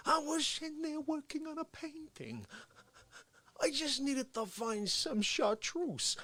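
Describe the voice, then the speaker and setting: A man doing a comic impression of an indignant older male politician, whiny and rambling, breaking into shouts. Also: extremely high pitch, no echo, pitched above the performer's own voice, heavily acted. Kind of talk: comic celebrity impression on a livestream.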